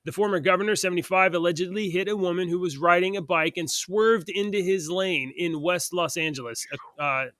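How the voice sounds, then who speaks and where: A man's voice: sits high, brisk, hardly any pauses, a bit bright, no echo, clean studio sound. A man hosting a casual podcast, chatting and reading news stories aloud, stumbling over words now and then. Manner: chatty, stumbles and restarts while reading headlines. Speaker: podcast host.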